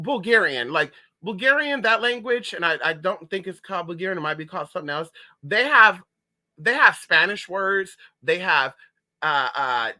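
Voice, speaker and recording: Sassy male streamer, high voice and bright tone, chatty and animated. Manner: sassy, animated, calls viewers honey and girl. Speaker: livestream host reading chat. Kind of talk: casual chat.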